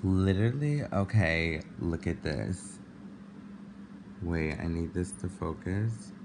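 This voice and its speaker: A man's voice: low voice, slow pace. A man vlogging to camera in a dramatic, panicky, flamboyant way. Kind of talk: casual vlog talk to camera. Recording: noisy recording with steady background noise.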